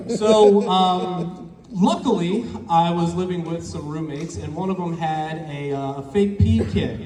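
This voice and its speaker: A man's voice: fairly high pitch, unhurried. A man performing a crude, rambling stand-up set at an open mic, acting out the people in his stories. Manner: crude, rambling storytelling with acted-out quotes. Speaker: stand-up comedian. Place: open mic show in a bar or small venue. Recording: echoey room, mic from a distance. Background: crowd reactions.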